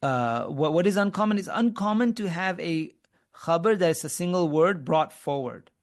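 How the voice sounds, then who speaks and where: A man's voice: fairly high pitch, lively intonation, normal speed. A man teaching Arabic grammar in an online webinar lesson, explaining step by step, quizzing his students and often restarting his sentences.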